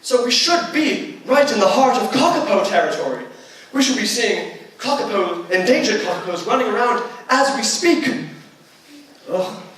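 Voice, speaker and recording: Young man doing a high, bouncy, blustering explorer, comic stage skit, echoey hall. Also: expressive, moderate pace, fairly bright tone. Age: teens. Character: pompous, bumbling British explorer man. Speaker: emcee. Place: school auditorium stage. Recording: echoey auditorium from far off, noisy.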